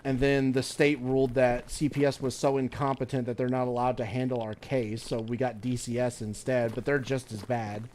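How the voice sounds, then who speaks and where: A man's voice: medium pitch, level tone, moderate pace, few pauses, darkish tone. Man, angry profane ranting, casual gaming stream, faint hiss behind. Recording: faint background noise.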